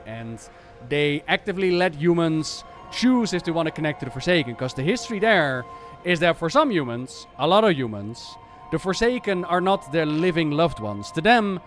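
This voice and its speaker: Animated ranting man streamer. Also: a little high. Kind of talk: casual lore chat.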